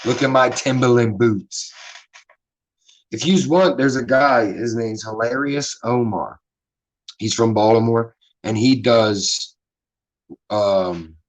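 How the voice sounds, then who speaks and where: A man's voice: on the low side, low-quality recording. Laid-back Philly man, rambling and profane. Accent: Philadelphia. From Philadelphia. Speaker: livestream host. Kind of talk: casual livestream chat.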